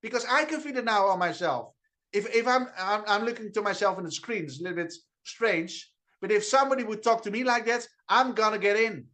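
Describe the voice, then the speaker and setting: A man's voice: high-pitched, brisk, fairly bright tone. A man with a Dutch accent, whose first language is Dutch, giving an enthusiastic network marketing training on a video call, repeating key phrases and stumbling over restarts. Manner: enthusiastic, repetitive, with restarts and stutters. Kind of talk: energetic online training talk.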